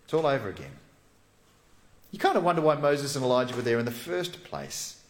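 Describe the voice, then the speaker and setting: A pastor delivers a sermon with a lively, swooping delivery, moving between animated storytelling and soft, hushed moments. His voice sits at an ordinary male pitch. The recording has the echo of a church hall. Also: brisk. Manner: lively storytelling preacher who drops to soft, hushed tones.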